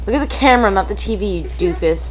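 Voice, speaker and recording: A woman's voice: medium pitch, lively intonation, very fast, phone-quality sound, background noise. A teenage girl chatting to a webcam at home, hyper and giggly, rambling and breaking into silly noises. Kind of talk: casual chat to camera.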